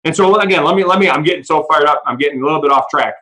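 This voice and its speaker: A man presenting a business opportunity on a call, excitedly telling stories and acting out the dialogue. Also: a little high, low-quality recording. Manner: excited storyteller, acts out quoted dialogue; talks fast, restarts sentences when fired up. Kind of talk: animated sales pitch on a call. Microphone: audio call.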